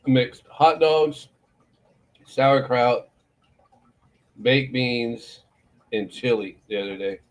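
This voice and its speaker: A middle-aged man from Florida, hosting a morning show, speaks extremely slowly and pauses often in a medium-pitched voice. He chats casually, telling rambling, profane stories and laughing often.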